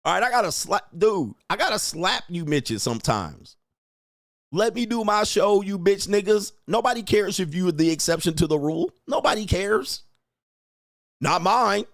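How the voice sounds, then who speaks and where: A man's voice: high voice, animated, moderate pace, fairly bright tone, dry recording, studio quality. A young man hosting a livestream, ranting at his chat in a profane, mocking, confrontational way and laughing often. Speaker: streamer host. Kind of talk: livestream rant reading chat.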